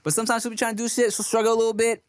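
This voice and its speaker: A man in his thirties hosting a podcast, telling loose, profane stories with quick asides in casual chat. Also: extremely high pitch, little pitch movement, clear, resonant tone, no room sound, studio quality. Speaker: podcast host.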